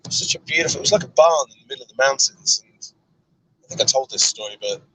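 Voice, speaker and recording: A man's voice: medium pitch, expressive, fast, sharp tone, slight background noise, rough recording. A male host on a live stream in a moving car, reading viewer comments aloud in an easygoing way. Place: inside a moving car on a road trip.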